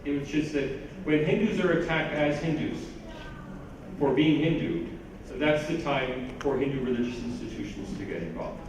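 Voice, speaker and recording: Man moderating a panel, brief courteous replies, slightly high voice, echoey hall with background noise. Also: lively intonation, moderate pace. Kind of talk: conference panel remarks. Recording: echoey hall, far from mic, ambient noise.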